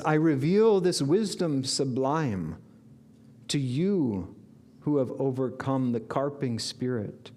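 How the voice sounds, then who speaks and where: A man's voice: mid-range voice, dark tone. A man giving an inspirational sermon as a spiritual teacher, earnest and reflective, with bursts of enthusiasm.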